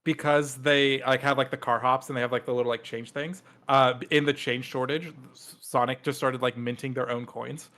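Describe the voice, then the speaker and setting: Co-host, loose and filler-heavy, mid-pitched. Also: male voice, fairly even intonation, normal speed, hardly any pauses, pushed and bright. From United States. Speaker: podcast co-host. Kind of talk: casual chat.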